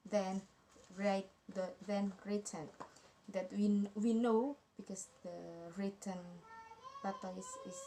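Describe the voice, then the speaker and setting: Slow, halting young woman student presenter. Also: mid-range voice, darkish tone, slight background noise. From Indonesia. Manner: halting, restarts words, reads examples aloud. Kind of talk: online class presentation.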